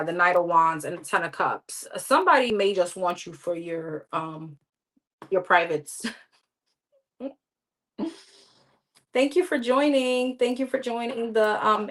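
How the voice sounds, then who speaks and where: A woman's voice: medium pitch, bright, forceful tone, poor audio. Woman doing tarot on a livestream from home, chatty and blunt, calls everyone girl. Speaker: tarot reader. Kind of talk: live tarot reading stream.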